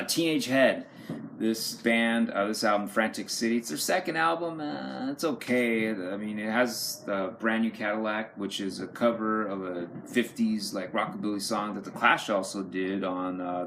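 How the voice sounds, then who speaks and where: A man's voice: on the low side, steady tone, normal speed, a bit bright, a little hiss or hum. A man casually showing his record collection, rambling and enthusiastic, swearing often and using many fillers. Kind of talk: casual unscripted talk to camera.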